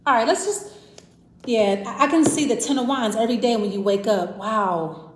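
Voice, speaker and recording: A woman's voice: fairly high pitch, moderate pace. A woman giving a casual, rambling tarot reading. She thinks aloud, restarts her sentences and repeats herself. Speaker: tarot reader. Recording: echoey room.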